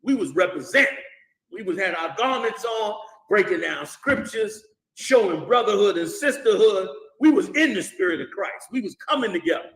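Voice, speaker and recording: A man's voice: high voice, expressive, normal speed, a bit bright. A man teaching scripture in a casual, emphatic way and calling on students to read and answer. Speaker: Bible study teacher. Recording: roomy echo.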